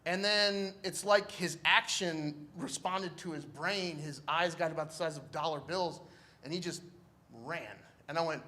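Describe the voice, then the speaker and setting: High-voiced man telling a story live. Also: normal speed, pushed and bright. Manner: casual, slangy, laid-back. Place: church event stage.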